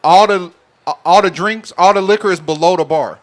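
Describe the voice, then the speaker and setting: A man's voice: sits high, a little fast. A man from Alabama, hosting a live show and teasing the audience in a casual, joking way. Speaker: host. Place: live event venue with an audience.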